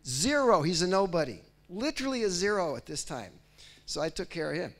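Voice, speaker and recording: A man's voice: sits high, fairly quick. A man giving a conference talk. He acts out a computer process in first person and keeps checking in with the audience with "right?" and "okay?". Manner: lively, speaks as if he were the process, often checks in with "right?" and "okay?". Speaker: technical presenter. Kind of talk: conference lecture.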